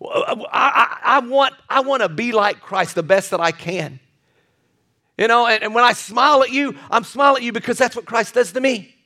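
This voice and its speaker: A man's voice: extremely high pitch, moderate pace. A male pastor preaching a sermon, telling stories animatedly and acting out the voices of the people in them. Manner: animated storytelling, acts out quoted voices; drops to a soft hushed voice for tender moments.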